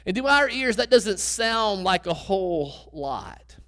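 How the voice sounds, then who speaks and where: Male preacher, high voice, conversational teaching delivery with questions to the congregation. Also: very animated, takes it slowly, pushed and bright, smooth. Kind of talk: sermon.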